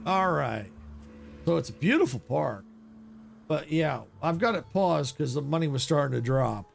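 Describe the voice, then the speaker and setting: A man streaming a video game live, thinking aloud in a casual, excitable way. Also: on the high side, moderate pace, creaky, soft background music. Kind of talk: live gameplay commentary.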